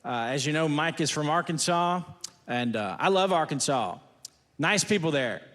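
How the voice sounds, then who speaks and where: A man's voice: a little high, lively intonation, moderate pace, fairly bright tone, in a large hall. A man performing a stand-up routine, firing off folksy one-liners on stage before a laughing audience. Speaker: stand-up comedian.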